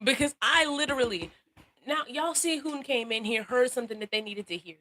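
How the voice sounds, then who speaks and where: A young woman hosting a casual live stream, talking on her phone and greeting viewers by name. She speaks in an animated, encouraging way, laughs often and repeats phrases for emphasis. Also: a little high, brisk. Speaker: livestream host.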